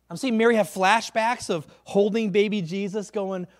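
Conversational pastor, slightly high voice. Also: male voice, normal speed, hardly any pauses. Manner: conversational, keeps asking the crowd "right?"; drops to a quiet, hushed delivery on key words. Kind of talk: sermon.

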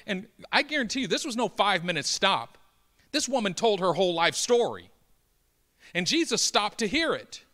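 A man preaching a dramatic sermon, swinging from hushed lines to loud, building emphasis and acting out the voices of Bible characters. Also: high voice, big pitch swings, moderate pace. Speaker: pastor.

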